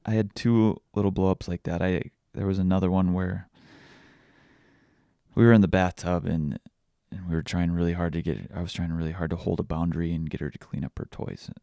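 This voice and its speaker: Low gravelly man, candid and confessional. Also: steady tone, brisk, mellow, no echo, clean studio sound. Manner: candid, confessional, self-deprecating storytelling. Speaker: podcast host. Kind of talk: casual personal podcast talk.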